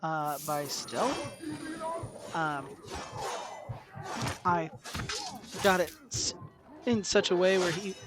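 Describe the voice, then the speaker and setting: A man's voice: fairly high pitch, drawn-out words, long pauses, music in the background. A man giving live, self-deprecating commentary to his viewers while streaming a video game. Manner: expressive, self-deprecating, talks to chat. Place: home room, indoors.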